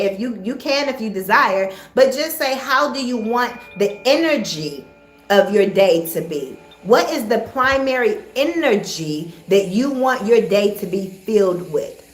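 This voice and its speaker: Encouraging woman coach, echoey room. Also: a little high. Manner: soothing, encouraging, repeats key phrases. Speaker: spiritual life coach hosting a live meditation. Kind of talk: casual spoken live stream.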